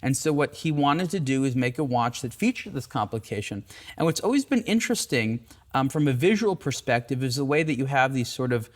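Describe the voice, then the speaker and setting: A man hosting an easygoing conversation as a watch editor. He talks with enthusiasm, thinking aloud and filling pauses with ums and you-knows. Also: medium pitch, very animated. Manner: thoughtful, enthusiastic, with fillers. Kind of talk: casual conversation.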